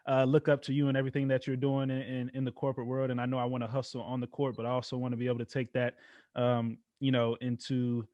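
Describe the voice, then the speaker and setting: A man's voice: medium pitch, completely flat delivery, quick pace, darkish tone, no echo, lo-fi sound. Young male podcast host, dry sound. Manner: brief affirmations, upbeat sign-off. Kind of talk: casual interview.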